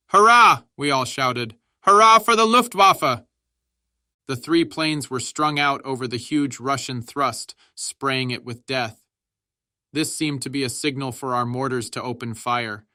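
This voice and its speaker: A man reading a war memoir aloud as dramatic audiobook narration, raising his voice for the soldiers' shouts. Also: no echo, clean studio sound. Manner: shouts quoted soldiers' lines with raised pitch.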